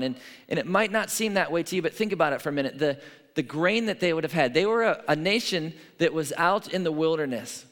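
A male pastor giving a sermon in a relaxed, conversational way, telling stories and checking in with his listeners. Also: fairly high pitch, long reverb tail. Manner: conversational, storytelling, frequent "right?" asides.

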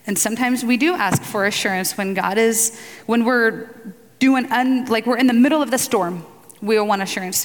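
A woman's voice: fairly high pitch, normal speed, in a large hall. A woman speaking casually at a church gathering, mixing scripture reading with conversational asides and fillers. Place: room with tables for the group.

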